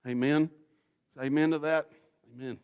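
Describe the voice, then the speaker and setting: A man preaching a sermon as guest pastor, telling the story in a folksy, dramatic way that swings from loud to hushed. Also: fairly high pitch, steady tone, a little slow, clear, resonant tone.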